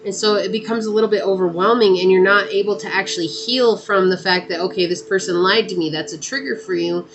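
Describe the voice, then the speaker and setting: A woman's voice: mid-range voice, fast, highs cut off, background noise. A woman giving a casual, chatty tarot reading and talking straight to her viewers. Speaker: tarot reader.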